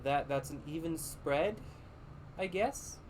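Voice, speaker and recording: A man's voice: fairly high pitch, takes it slowly, slight background noise. Man muttering through gameplay. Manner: thinks aloud, mutters to himself. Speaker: game streamer. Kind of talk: casual gameplay commentary.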